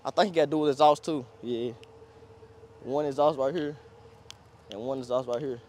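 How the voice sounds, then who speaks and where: With a little hiss or hum in the background, a young car vlogger shows off a pickup truck outdoors in a casual walkaround. His voice is medium-pitched and a little mellow, with fairly even intonation and a moderate pace, and he's slangy, rambling, and quick to laugh.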